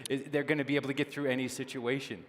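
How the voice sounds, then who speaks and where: A man's voice: medium pitch, level tone, rapid-fire. Man, stage interviewer, encouraging, easy laughter, reverberant hall, faint background noise. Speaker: interviewer at a conference.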